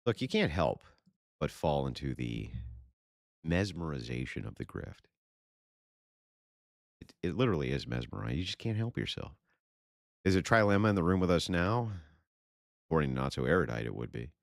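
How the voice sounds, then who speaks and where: A man's voice: rumbling low, very animated, moderate pace, vocal fry, pauses often, no echo, studio quality. A man hosting a livestream and reading super chats in a blunt, profane, sarcastic way. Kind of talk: casual livestream chat.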